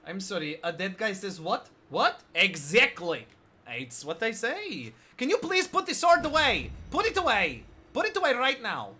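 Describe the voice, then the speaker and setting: A man streaming a video game, joking and riffing in animated commentary. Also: high voice, normal speed, slightly rough. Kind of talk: gameplay commentary.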